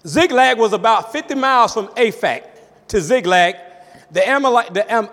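Brief: high-pitched male pastor, emphatic preaching, sermon echoing through a church hall. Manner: emphatic preaching with call-outs and rising shouts.

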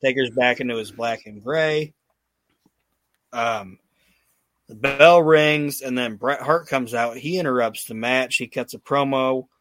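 A man's voice: medium pitch, a little slow, fairly bright tone, no echo. Laughing man recapping a wrestling show. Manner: laughs often, acts out quotes in put-on voices. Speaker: podcast host. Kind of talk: casual podcast chat recapping wrestling.

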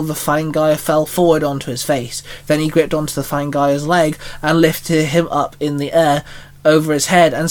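A man reading a fan story aloud in a steady way, with small restarts now and then. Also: a little high.

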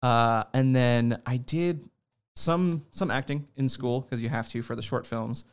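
A man chatting as an interview guest, his voice rough with a steady gravelly edge. He tells loose, self-deprecating stories and laughs often. The talk is casual and unhurried. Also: medium pitch. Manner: relaxed, self-deprecating storytelling. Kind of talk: casual chat.

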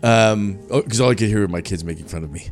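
A man's voice: fairly low pitch, fast talker, faint music behind. A middle-aged man co-hosting a casual podcast chat, playfully teasing and probing with questions. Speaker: podcast co-host.

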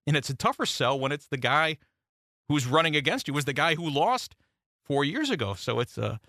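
A male guest on talk radio gives political commentary in a measured, knowing way. His tone is bright and his voice sits in the middle for a man. The sound is dry and close. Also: fairly high pitch, very animated, dry recording.

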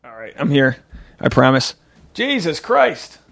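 Gravelly man ranting on a podcast. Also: medium pitch, very animated, unhurried, fairly bright tone, dry recording. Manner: rambling, candid and profane; self-reflective, often restarts thoughts. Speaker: podcast host. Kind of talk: solo podcast rant.

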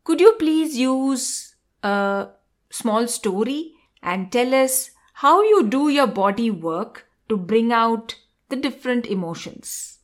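A woman interviewer responding appreciatively and asking measured questions. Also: fairly high pitch, expressive.

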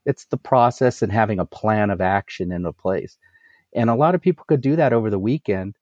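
A man giving energetic business advice as a coach, asking rhetorical questions and laughing at himself. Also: fairly low pitch, a little fast, dry recording, highs cut off. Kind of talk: casual business interview.

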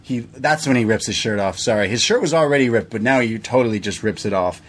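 A man co-hosting a podcast, retelling events in a casual, animated way and acting out what people said. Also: medium pitch, fast, husky. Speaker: podcast co-host. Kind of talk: casual recap chat.

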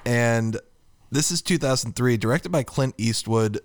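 A man co-hosting a casual podcast chat, laughing and swearing through lively banter. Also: medium pitch, measured pace, no echo, clean studio sound. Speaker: podcast co-host.

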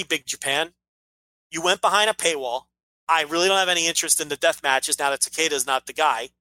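Bright-voiced, emphatic podcast man. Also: high voice, no room sound, poor audio. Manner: emphatic and ranting, swears, many restarts. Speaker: podcast co-host. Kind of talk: casual podcast chat.

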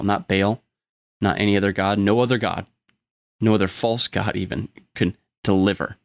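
A man explaining a Bible passage in a steady teaching manner with frequent ums. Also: low voice, normal speed, creaky, no room sound, studio quality. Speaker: Bible study co-host. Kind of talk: explaining scripture.

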